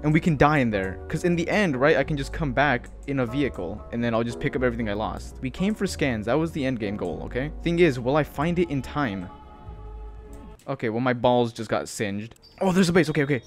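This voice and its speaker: A man's voice: medium pitch, expressive, a little fast, soft background music. A man giving jittery let's-play commentary, swearing often and calling everyone dude and bro. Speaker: gaming channel host.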